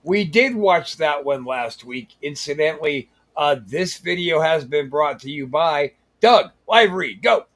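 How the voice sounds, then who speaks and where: A man with a slightly raised pitch hosting a loose comedy show. He teases and swears freely, with a dry, sarcastic edge. His delivery stays conversational throughout. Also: animated, a little slow, hardly any pauses, a bit bright. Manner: sarcastic, profane, teasing. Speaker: host. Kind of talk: casual comedic chat.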